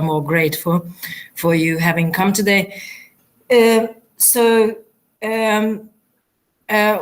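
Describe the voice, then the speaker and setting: A woman's voice: low voice, slight background noise. A woman hosting a poetry reading in a university lecture theatre, introducing the readers with many fillers and restarts. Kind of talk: live event introduction.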